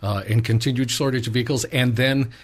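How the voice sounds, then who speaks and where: A man's voice: mid-range voice, steady tone, brisk, breathy edge. A man co-hosting a casual car podcast, telling rambling comic stories. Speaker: podcast co-host. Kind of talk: casual banter.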